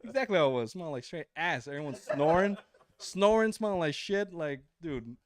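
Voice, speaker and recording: A man's voice: fairly high pitch, moderate pace. A man telling tour stories as a podcast guest, casual and full of swearing. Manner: profane, animated storyteller. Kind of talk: casual storytelling.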